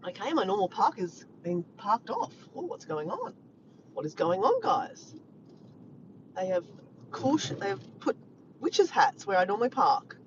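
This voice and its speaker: A woman, chatting excitedly to viewers on a phone live stream at the beach. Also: medium pitch, a little slow, highs cut off, noisy background. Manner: chatty, excitable, repeats herself. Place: outdoors, driving to and walking at a beach. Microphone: phone held in hand.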